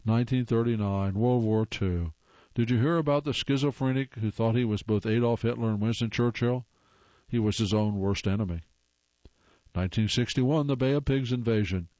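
Male host, mid-pitched, reads silly jokes off the page and groans at them; dull, dry recording. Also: a little mellow, no echo. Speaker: host reading jokes aloud. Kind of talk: casual read-aloud.

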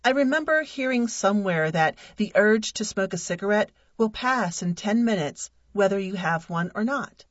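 A married woman reading a humorous personal essay aloud in a wry, deadpan way. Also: mid-range voice, normal speed, hardly any pauses, no room sound. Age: adult. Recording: dull lo-fi dry recording.

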